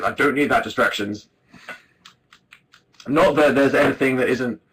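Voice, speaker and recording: Laughing a lot into a webcam microphone, a twenty-something man rambles through a relaxed livestream chat and pokes fun at himself. His voice is mid-range and fairly bright, but the audio is poor.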